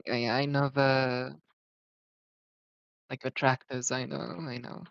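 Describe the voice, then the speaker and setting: Swedish guy in casual chat, slow and halting, dry dull lo-fi mic. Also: medium pitch, flat delivery, gravelly, fairly bright tone, dry recording. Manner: hesitant, filler-heavy, self-deprecating.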